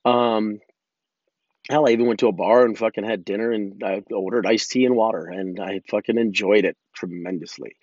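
A man's voice: on the low side, fairly even intonation, moderate pace, a little mellow, no room sound, lo-fi sound. A man hosting a podcast alone, talking candidly and in a rambling way, swearing often and restarting his sentences. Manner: candid, self-reflective. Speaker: podcast host. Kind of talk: casual solo podcast monologue.

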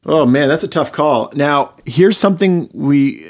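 A man's voice: a little high, unhurried. A man hosting a casual sports podcast, wry and prone to going off on tangents. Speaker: podcast host.

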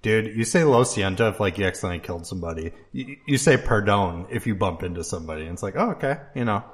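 A man telling a story in a laid-back, low-key way during casual podcast chat. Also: lively intonation, quick pace. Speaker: podcast co-host.

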